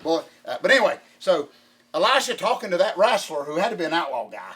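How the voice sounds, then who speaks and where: A middle-aged man hosting casual chat, excitable and rambling with many restarts. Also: on the high side, quick pace. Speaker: podcast host.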